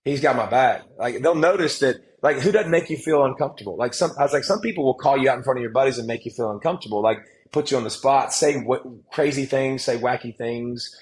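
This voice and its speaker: Guest, man, 40s, mid-pitched, lively and emphatic storyteller. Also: quick pace, few pauses, rough recording. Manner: animated, emphatic storytelling with frequent restarts. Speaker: guest, former football player and analyst. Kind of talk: casual podcast conversation.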